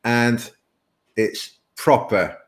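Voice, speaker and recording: A man's voice: mid-range voice, fairly even intonation, very slow. Chatty man hosting a webinar. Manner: chatty, laughs often, rambling storytelling. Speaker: webinar host. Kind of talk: casual live webinar chat.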